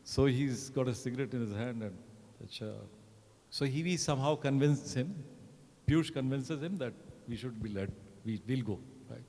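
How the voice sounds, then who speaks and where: A man's voice: mid-range voice, moderate pace, mellow. A man, telling anecdotes as a panel guest in a chatty way, often tagging sentences with "right?". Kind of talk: anecdotal storytelling. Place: event hall. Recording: long reverb of a large hall.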